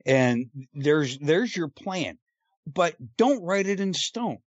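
A man's voice: fairly high pitch, very animated, slow, no room sound, muffled recording. A man co-hosting a podcast, talking through points hesitantly with many ums and uhs. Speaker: podcast co-host. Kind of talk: casual podcast talk.

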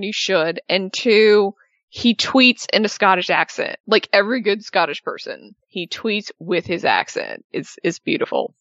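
A woman's voice: medium pitch, fairly bright tone, no room sound. A woman co-hosting a casual podcast, chatting and reading tweets aloud. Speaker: podcast co-host. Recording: dull lo-fi dry recording.

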